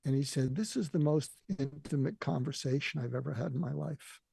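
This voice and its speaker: An older man telling a deeply personal story in an earnest, emotional way, often quoting what others said to him. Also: a little fast, vocal fry, mellow, slightly rough, no echo, studio quality. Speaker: guest.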